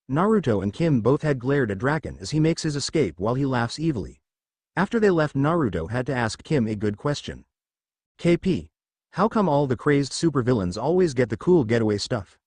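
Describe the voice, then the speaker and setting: A man reading a fan fiction story aloud and voicing its characters in his own voice, with a halting delivery. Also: mid-range voice, no echo. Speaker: narrator.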